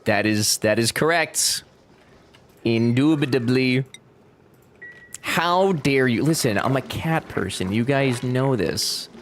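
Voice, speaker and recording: A man's voice: mid-range voice, expressive, slow, slight background noise. Chatty young man streaming a game. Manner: chatty, joking, talks back to chat. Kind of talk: casual live-stream chat.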